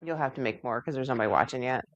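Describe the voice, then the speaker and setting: A woman's voice: extremely low pitch, rapid-fire, no room sound, muffled recording. A woman co-hosting a casual home cooking livestream, chatty and teasing, often giggling. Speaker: cooking show co-host.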